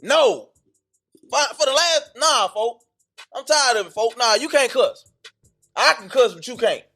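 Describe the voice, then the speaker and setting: A man hosting a podcast in casual chat, slangy and hyped, repeating catchphrases, then slowing into earnest teaching. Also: very high-pitched, lively intonation, bright, forceful tone, soft background music. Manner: switches to slower earnest teaching. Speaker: podcast host.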